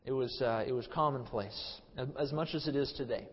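A man preaching an expository Bible sermon, stressing words loudly and then trailing off quietly, often repeating himself. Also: mid-range voice, brisk, breathy edge. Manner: emphatic, swings between loud stresses and quiet trailing phrases, repeats words. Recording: dull sermon recording with long hall reverb.

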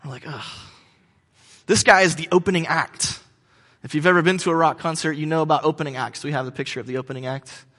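Bright, high-voiced man preaching in a hall. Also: fairly even intonation, quick pace. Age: 30s. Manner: joking storyteller, many fillers and restarts. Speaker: pastor. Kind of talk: sermon. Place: church hall. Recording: long hall reverb.

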